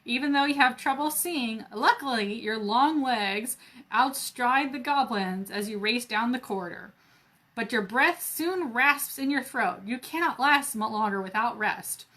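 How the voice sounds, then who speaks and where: A woman's voice: a little high, a little slow, sharp tone. A woman reading a children's adventure book aloud at a library, breaking off for playful, joking asides. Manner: playful asides, laughs at herself. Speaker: library storyteller.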